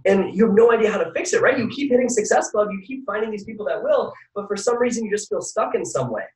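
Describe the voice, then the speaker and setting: A man giving a motivational talk to an audience, energetic and often asking the listeners questions. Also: high-pitched, quick pace. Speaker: mindset speaker. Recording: echoey room from far off.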